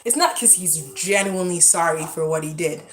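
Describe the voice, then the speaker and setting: Her voice is fairly low and quick, with slight background noise behind it. A woman in her thirties vlogs casually on a live stream outdoors near her backyard pool at home, chatting with viewers and scolding her kids in between.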